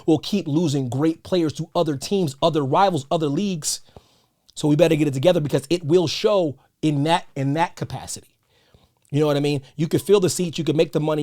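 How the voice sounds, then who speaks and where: Man, podcast host, high voice, animated rant, slangy.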